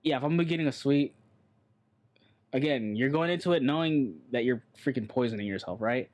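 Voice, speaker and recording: A man chatting on a podcast in a loose, rambling way, blunt and quick to swear. His voice sits at an ordinary middle pitch. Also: a little mellow. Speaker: podcast co-host. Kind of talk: casual chat.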